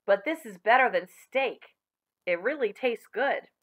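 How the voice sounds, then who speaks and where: A woman's voice: on the high side, expressive, measured pace, narrow, tinny audio. A woman reading aloud, voicing an eager young boy who likes his strange dinner. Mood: pleased.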